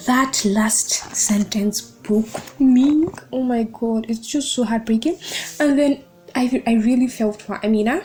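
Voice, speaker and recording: A woman's voice: fairly high pitch, unhurried. Emotional young woman reviewing a book. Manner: emotional and expressive, gushing. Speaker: podcast host reviewing a book.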